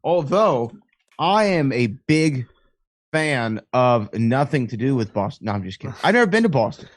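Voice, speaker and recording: A man's voice: mid-range voice, sing-song, normal speed, dry recording. Teasing male guest, dry close sound. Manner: teasing, playful sports banter. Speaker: podcast guest, author and wrestling announcer. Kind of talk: casual interview chat.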